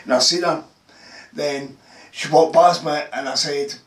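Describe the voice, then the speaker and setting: A man's voice: fairly high pitch, fairly even intonation, a little slow. Scottish man, terse answers, roomy and distant. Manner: short plain answers. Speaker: eyewitness guest. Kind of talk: casual interview. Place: in a house.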